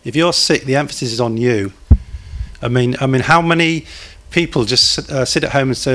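Male preacher, mid-pitched, chatty sermon delivery with asides to the congregation. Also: a little fast, bright, forceful tone, slight background noise. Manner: conversational, asks the congregation questions, jokes.

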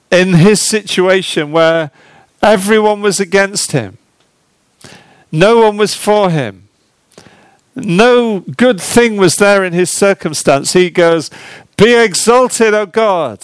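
A man's voice: sits high, clean tone, no room sound. A man preaching a sermon in an earnest, conversational way, asking the listeners questions. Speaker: pastor.

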